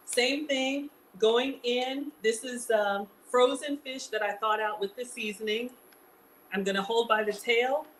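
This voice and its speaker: In a rough recording with slight background noise, a woman who could be a young adult or middle-aged hosts a casual cooking livestream from her kitchen. She's chatty, calls her viewers y'all, and reads their donations out loud. Her pitch sits a little high and her tone is fairly bright.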